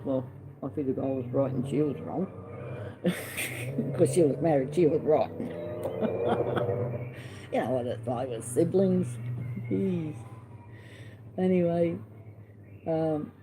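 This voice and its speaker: Australian man, middle-aged, very dark mellow voice, blunt chatty storyteller, faint hiss behind. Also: on the high side, rough recording. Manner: blunt, salty and chatty, retelling conversations. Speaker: vlogger. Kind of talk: casual storytelling.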